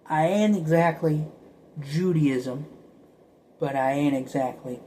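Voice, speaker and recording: A man's voice: a little high, measured pace, a little mellow, slight background noise, rough recording. A man talking to camera in a rambling, casual monologue, often repeating and stuttering over words and now and then dropping to a whisper. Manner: drops to whispers at times. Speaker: vlogger.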